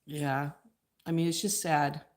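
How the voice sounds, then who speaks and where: A woman's voice: deep voice, little pitch movement, takes it slowly. A woman hosting a casual live stream, chatting and answering viewer comments as she goes.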